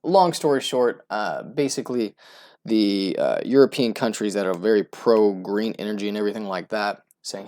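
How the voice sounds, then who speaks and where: A man's voice: fairly low pitch, lively intonation, normal speed, dark tone. An American man giving casual solo commentary on oil prices, talking loosely with many fillers, restarts and "right?" asides. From United States. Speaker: oil and gas investment commentator.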